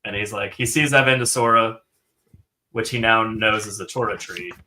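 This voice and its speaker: A man co-hosting a podcast, chatting excitedly about a fantasy book, swearing often and filling his talk with "like". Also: lowish voice, moderate pace. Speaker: podcast co-host. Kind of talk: casual book discussion.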